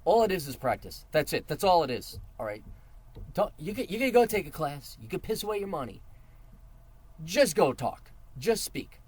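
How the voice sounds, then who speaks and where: A man's voice: on the high side, sing-song, moderate pace, darkish tone, breathy edge. A middle-aged man giving advice in a casual monologue, blunt and profane with a mocking edge.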